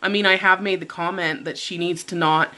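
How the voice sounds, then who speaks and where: A woman's voice: on the low side, a little fast. A middle-aged woman vlogger telling a story over breakfast in a casual chat, acting out what she said. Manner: animated retelling, acting out her own quoted lines. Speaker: mukbang vlogger.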